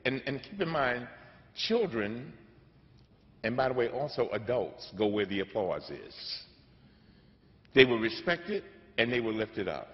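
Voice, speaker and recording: A man's voice: mid-range voice, lively intonation, measured pace. A man giving a keynote speech, with a preacher-like cadence and emphatic repetition. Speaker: keynote speaker. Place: large conference hall. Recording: echoey hall, dull lo-fi sound.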